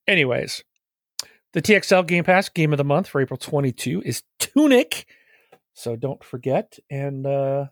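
A man's voice: fairly high pitch, lively intonation, moderate pace, a bit bright, no room sound, soft background music. Chatty male podcast host, dry mic. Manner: laughs often, chatty and teasing. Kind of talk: casual podcast chat.

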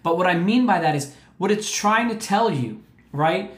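A man's voice: high-pitched, animated, normal speed. A man hosting a mental health podcast, talking earnestly and emphatically, often checking in with "okay?". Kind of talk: earnest motivational talk. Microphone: podcast mic. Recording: roomy echo.

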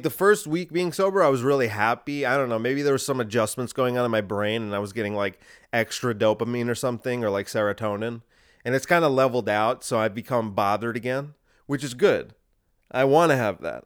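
A man's voice: mid-range voice, a little fast, clear, resonant tone. Heated young man ranting. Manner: heated, combative, swings loud and quiet. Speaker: podcast host. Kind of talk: ranting monologue.

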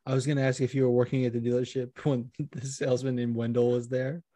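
A man's voice: mid-range voice, flat delivery, fast talker, dark tone. A man co-hosting a podcast over a video call, laughing often as he tells rambling stories and swears casually. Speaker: podcast co-host. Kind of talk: casual chat.

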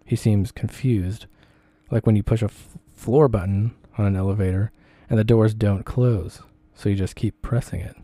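Dark-voiced man reading aloud. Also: fairly low pitch, steady tone, no room sound. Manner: measured, deliberate.

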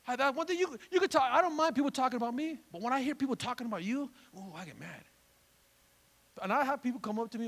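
A male pastor delivers a fervent sermon with a very high, gravelly voice, pausing for call-and-response. His tone is bright and cutting. The sound carries long reverb from a church hall. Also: animated.

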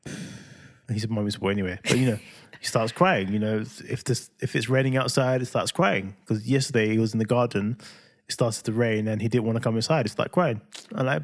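Male co-host, 30s, animated casual storyteller, mid pitch. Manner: animated storyteller, acts out voices with big pitch jumps. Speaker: podcast co-host. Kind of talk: casual chat.

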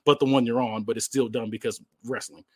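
A man's voice: mid-range voice, fairly even intonation, fairly quick, darkish tone, voice pushed down, natural voice. A man voicing a confused male wrestler who rambles on in puzzled questions.

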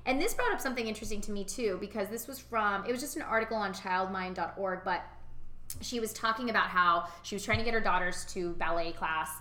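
A woman's voice: medium pitch, fast talker, pushed and bright. A woman in her thirties co-hosting a casual chat, talking animatedly and acting out quoted voices. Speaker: podcast co-host. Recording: echoey room.

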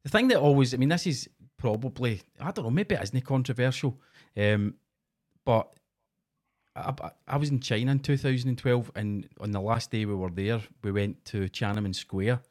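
A man's voice: mid-range voice, normal speed, darkish tone. A middle-aged man, co-hosting a casual podcast with sweary, laughing banter. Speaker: podcast co-host.

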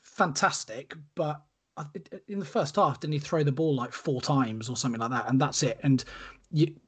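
A man's voice: fairly high pitch, moderate pace, a bit bright, husky. A man co-hosting a podcast, analysing sport in casual chat with hesitant restarts. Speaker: podcast co-host.

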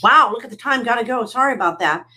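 A woman's voice: fairly high pitch, lively intonation, quick pace, bright, forceful tone, rough recording. A woman guest in a casual chat, speaking bluntly and wryly in a matter-of-fact way.

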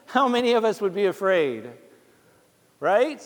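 A man's voice: high-pitched, very animated, unhurried, in a large hall. A male pastor preaching a sermon in a church, speaking conversationally and calling out to the congregation for responses. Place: church sanctuary.

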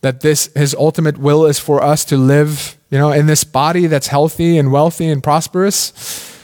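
A man delivers a sermon in a relaxed, conversational way. His voice sits a little high for a man, and he keeps stopping to ask questions, with plenty of "like" along the way. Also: moderate pace. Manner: conversational, questioning, with many "like" fillers. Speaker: pastor.

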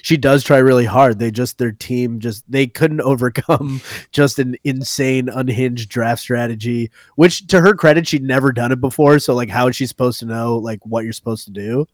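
A man's voice: mid-range voice, moderate pace, few pauses, dry recording. Joking podcast co-host man, dry sound. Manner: laid-back, joking, lots of fillers. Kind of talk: casual chat.

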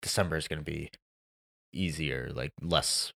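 A man co-hosting a podcast in casual chat, animated, laughing often and acting out exclamations. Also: a bass voice, normal speed, vocal fry. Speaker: podcast co-host.

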